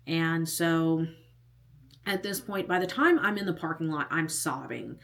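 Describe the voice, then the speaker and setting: A young woman telling a personal story in a casual storytime vlog, lively and often laughing. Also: medium pitch, normal speed. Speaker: vlogger.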